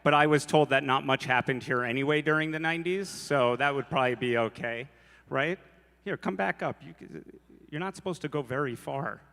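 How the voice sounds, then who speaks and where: A man's voice: on the high side, fairly quick, creaky, a bit bright. A man emceeing a gala on a handheld mic, playful and teasing with the crowd. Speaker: event emcee. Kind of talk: joking gala emcee patter. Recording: reverberant hall from a distance.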